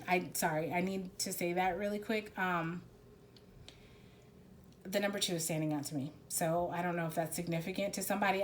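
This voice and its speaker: A woman's voice: on the low side, a little hiss or hum. A woman giving a spiritual card reading in a casual, rambling, emphatic way, often restarting her sentences. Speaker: tarot reader.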